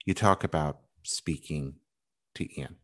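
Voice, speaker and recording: A man interviewing a guest in an earnest, measured, supportive way. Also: a bass voice. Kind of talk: interview conversation.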